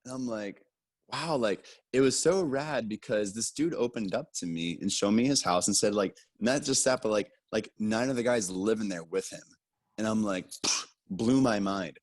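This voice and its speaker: Man, lowish voice, casual storyteller, lively quoted bits, dry room. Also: normal speed, no room sound. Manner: animated, acts out quotes with raised pitch. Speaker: guest storyteller.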